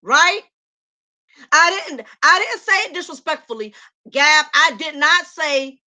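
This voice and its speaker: A woman's voice: high voice, lively intonation, unhurried, bright, forceful tone. A woman hosting a casual commentary, talking emphatically, repeating herself and calling on viewers by name. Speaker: commentary channel host.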